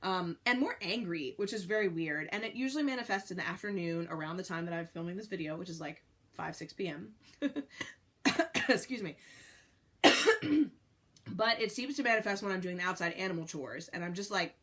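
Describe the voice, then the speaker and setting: Chatty pregnant woman, low voice. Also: lively intonation, moderate pace, fairly bright tone. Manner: candid, rambling, many fillers. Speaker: pregnant vlogger. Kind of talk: casual chat to camera.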